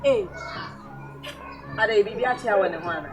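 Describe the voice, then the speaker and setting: A woman's voice: mid-range voice, huge pitch swings, quick pace, over music. A woman with a Ghanaian accent acting a young woman who brags about her boyfriend in a comedy skit, full of exclamations. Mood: teasing. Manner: chatty, exclamatory, lots of "eh".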